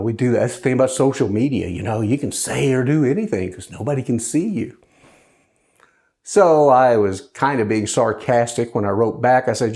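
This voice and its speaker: A man speaks in a lively voice whose pitch swings up and down as he talks. He sounds conversational and wry, slipping into sarcasm, a widower now living alone and talking about his grief. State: widowed, grieving. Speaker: host. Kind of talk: personal monologue.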